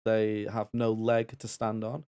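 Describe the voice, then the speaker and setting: A man co-hosting a charity game stream, making dry puns with hesitant, halting delivery. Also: on the low side, monotone, warm tone, clean tone. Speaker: co-host and assistant. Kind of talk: casual live-stream banter.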